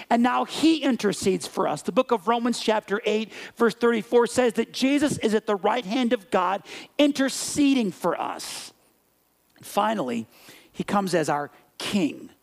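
A male pastor with a voice pitched higher than most men's preaches an animated sermon, acting out scenes and bits of dialogue. At times he sinks into soft, quiet, gentle reflection.

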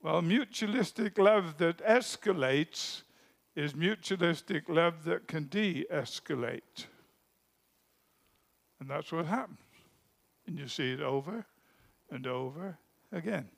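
A man preaching a sermon, telling stories and shifting from a hushed voice to emphatic rises. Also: a little high, expressive, slow, gravelly, long pauses. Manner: storytelling, drops to a hush for anecdotes then rises with emphasis.

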